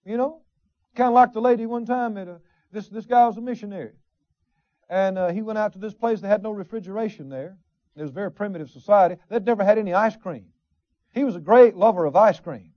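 A man's voice: high voice, quick pace, dark tone, no room sound. A man preaching a sermon, folksy asides and call-and-response with the congregation. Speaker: pastor. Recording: dull, slightly lo-fi sermon recording.

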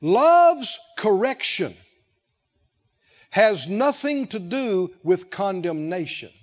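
A male pastor preaching a sermon, speaking slowly and with emphasis, pausing to let the congregation fill in key words. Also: high-pitched, big pitch swings. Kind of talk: sermon with call-and-response. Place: church sanctuary. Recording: lo-fi with long hall reverb.

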